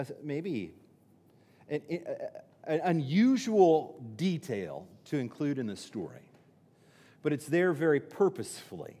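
A man's voice: a little high, a little mellow. A man preaching a sermon as pastor, in a conversational way, often restarting and acting out quotes. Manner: conversational, repeats words and restarts, acts out quotes. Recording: long reverb of a hall.

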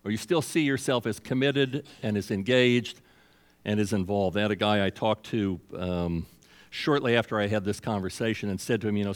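A man's voice: on the low side, brisk, long reverb tail. A man in his sixties, a pastor, giving a conversational sermon that is broken up by acted-out dialogues. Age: 60s.

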